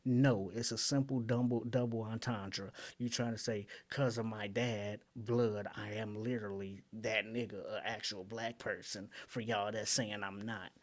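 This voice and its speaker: A man hosting his channel, breaking down rap lyrics in blunt, animated casual commentary full of slang and "um"s. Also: lowish voice, unhurried, few pauses.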